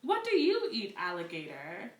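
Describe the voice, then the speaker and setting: A woman voicing a boastful male wide-mouthed frog for a storybook read-aloud, announcing himself loudly and proudly. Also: mid-range voice, wildly swooping pitch, moderate pace, far from the mic. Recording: roomy echo, away from the mic.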